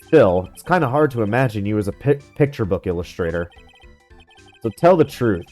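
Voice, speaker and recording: Brief: man voicing a dry, exasperated lawyer, animated pitch. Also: fairly quick, soft background music, natural voice. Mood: wry. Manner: dry and sarcastic. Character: wry, easily exasperated young male lawyer. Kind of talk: fan dub of a game.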